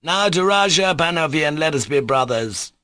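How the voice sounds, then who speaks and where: A man doing rash, shouting young Mitya. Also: on the high side, lively intonation, moderate pace, no room sound, pitched above the performer's own voice. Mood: eager. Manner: loud, rash, toasting. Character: Mitya, excitable young Russian man, reckless.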